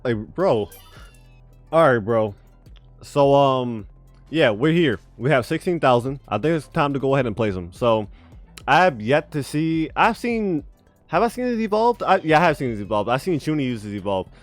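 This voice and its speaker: A man's voice: medium pitch, sing-song, moderate pace, faint music behind. A man giving casual, rambling gameplay commentary, swearing freely and saying bro a lot, his speech a bit spitty from a retainer. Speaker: gaming YouTuber.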